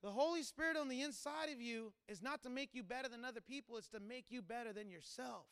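Man, pastor, sermon, very high voice, dry close sound, chatty to fervent. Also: fast talker, clear, resonant tone, no echo. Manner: preaching that builds from conversational to loud and fervent.

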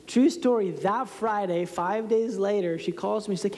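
A man's voice: high-pitched, moderate pace, hardly any pauses, a little mellow. A man in his thirties giving a storytelling sermon as a pastor, conversational and self-deprecating, often laughing at himself. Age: 30s. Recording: reverberant hall sound.

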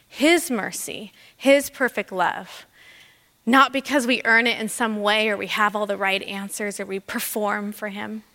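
A woman preaching a sermon in a church, earnest and emphatic, slowing down on key phrases. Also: medium pitch, steady tone, sharp tone. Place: church sanctuary. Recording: long reverb of a church hall.

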